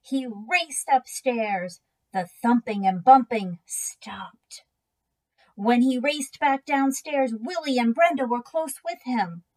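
A woman reading a children's book aloud in a gentle, unhurried storytelling manner. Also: on the high side, poor audio. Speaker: reader.

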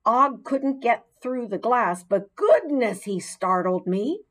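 A woman narrates a children's storybook, slow and unhurried, with a lively, rising and falling melody. Her reading is expressive and gently dramatic. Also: a little high, low-quality recording. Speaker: audiobook narrator.

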